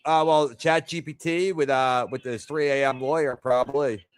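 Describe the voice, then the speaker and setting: A man's voice: mid-range voice, steady tone, moderate pace, clear, resonant tone. Crude mocking male guest. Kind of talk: casual chat.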